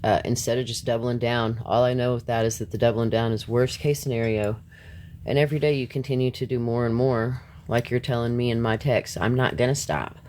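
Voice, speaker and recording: A man's voice: mid-range voice, steady tone, fairly quick, darkish tone, a little hiss or hum. A man hosting a live stream, ranting bluntly and confrontationally at his viewers, swearing freely and laughing between points. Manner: talks back to chat, laughs between points.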